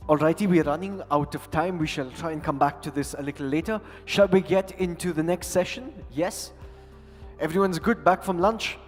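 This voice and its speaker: A man's voice: fairly high pitch, moderate pace. A man hosting a conference from the stage with a handheld mic, teasing and joking with the crowd in a playful, chatty way. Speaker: event host and emcee. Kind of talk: lively stage hosting with audience banter. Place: large conference hall stage. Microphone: handheld microphone. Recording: long hall reverb, faint music.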